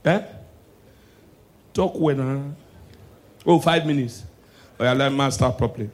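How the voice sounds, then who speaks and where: A man with a Nigerian Pidgin accent doing a stand-up comedy set, swinging from low preachy asides to loud shouted punchlines. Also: unhurried.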